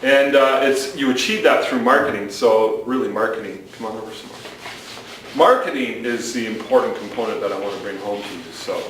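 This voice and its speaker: A man's voice: lowish voice, a little fast, fairly bright tone. Middle-aged male co-host, jokey and preachy; distant, echoey, faint hiss. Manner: joking, lecturing. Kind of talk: casual podcast chat. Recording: echoey room from far off.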